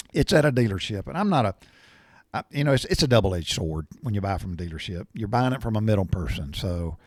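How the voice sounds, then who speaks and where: A middle-aged man, telling a rambling, blunt story in a casual monologue and often clearing his throat. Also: fairly low pitch, lively intonation, brisk, a little mellow, no room sound, clean studio sound. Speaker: podcast host.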